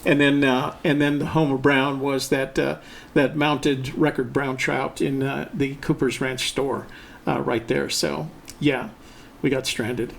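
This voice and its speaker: A man's voice: mid-range voice, flat delivery, unhurried, vocal fry, slight background noise. A man co-hosting a live show, talking casually and rambling with many fillers and restarts. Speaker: co-host of a treasure-hunt show.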